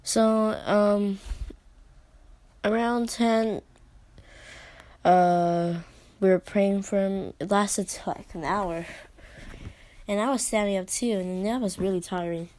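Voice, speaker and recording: A teenage girl telling a personal story in a vlog, halting and hesitant, with many fillers and restarts and soft whispered asides. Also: medium pitch, steady tone, no echo. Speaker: vlogger.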